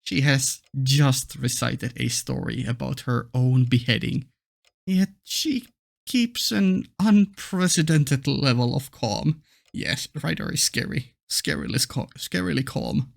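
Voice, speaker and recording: A man hosting a let's play, reading a visual novel aloud and chiming in with relaxed, amused commentary. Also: medium pitch, slow, creaky. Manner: relaxed and amused, laughing often, saying sure a lot.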